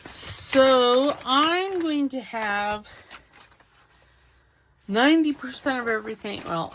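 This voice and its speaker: A woman's voice: fairly high pitch, a bit bright, slight background noise. A woman hosting a crafting video, chatting casually and rambling as she searches for supplies and corrects herself. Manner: rambling, scattered, self-correcting. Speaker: craft channel host.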